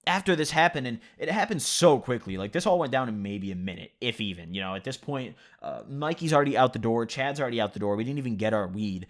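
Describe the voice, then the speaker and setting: A man's voice: medium pitch, lively intonation, fast, few pauses. Young male vlogger, casual profane storyteller, filler-heavy, at a desk mic. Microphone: computer mic at a desk.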